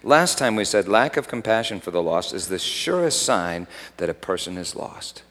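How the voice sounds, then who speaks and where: A man preaching a sermon as pastor, swinging from hushed asides to loud emphatic peaks. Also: low-pitched, very animated, moderate pace. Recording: long hall reverb.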